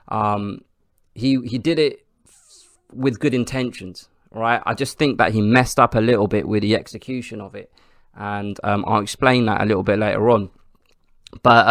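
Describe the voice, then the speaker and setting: A man hosts his own podcast, chatting casually through the week's news with plenty of asides. He's chatty and restarts often with "um" and "right." His mid-range voice is a bit bright, recorded dry with clean studio sound.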